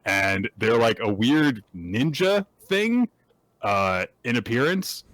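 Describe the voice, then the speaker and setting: A man's voice: medium pitch, big pitch swings, slow, a bit bright, dry recording. A man hosting a podcast, casually and animatedly retelling manga chapters and laughing along. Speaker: podcast host.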